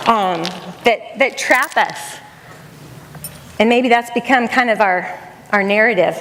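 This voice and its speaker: A woman's voice: a little high, slow, pauses often, background noise. A middle-aged woman giving an earnest, conversational chapel talk at a college, repeating phrases for emphasis. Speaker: chapel speaker. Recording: long hall reverb.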